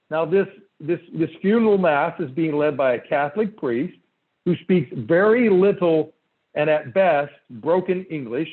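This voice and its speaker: Man, real estate coach, animated storyteller, slightly high voice, phone-like call audio. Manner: animated, conversational storytelling with frequent fillers. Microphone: call line.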